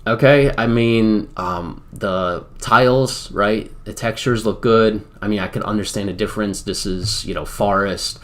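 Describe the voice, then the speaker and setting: Here's a man from the United States giving casual live-stream commentary on a wargame, loose and rambling with plenty of fillers. His voice sits on the low side, and he talks at a measured pace with hardly any pauses.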